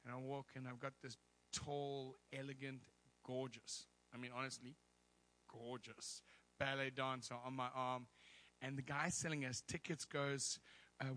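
Speaking as a guest in a church pulpit, this middle-aged man tells personal stories with humor and chatty asides. His mid-range voice barely moves in pitch, keeps a moderate pace, and sounds bright and forceful.

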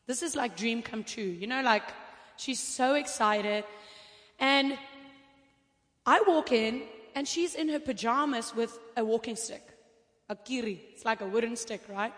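A woman preacher telling testimonies in an animated, storytelling way, acting out the voices of the people in her stories. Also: a little high. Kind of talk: sermon testimony. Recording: long hall reverb.

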